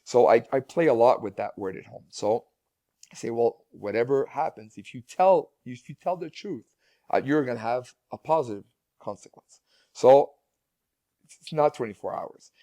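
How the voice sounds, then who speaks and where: A man's voice: mid-range voice, lively intonation, moderate pace, warm tone, dry recording. A man who is a guest speaker and parent, telling stories in a casual interview with many restarts and repeated words.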